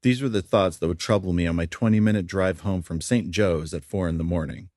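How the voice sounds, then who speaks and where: A man's voice: low voice, brisk, a little mellow, no room sound, studio quality. A young man narrating his own memoir in a plain, somber way.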